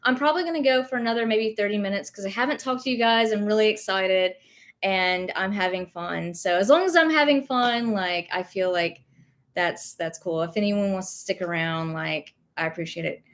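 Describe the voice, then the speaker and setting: A young woman with a mid-range voice talks at a moderate pace, with a light Southern US accent from her rural American South background. Hosting a livestream as a reseller while she has Covid, she chats casually and rambles. She reads viewer comments and uses many fillers and self-corrections.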